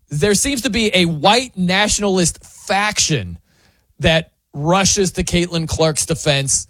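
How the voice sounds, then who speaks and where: Sports talk guy ranting, kinda high voice, dry close sound, mocking and disbelieving. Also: dry recording. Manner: incredulous, mocking, animated reading. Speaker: sports commentary host. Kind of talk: opinionated sports talk monologue.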